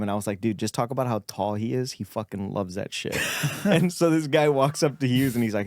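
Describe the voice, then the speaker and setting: A man's voice: mid-range voice, fairly quick, darkish tone, dry recording, clean studio sound. A man co-hosting a comedy podcast, telling his prank stories in a casual, swearing way and laughing at them. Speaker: podcast co-host.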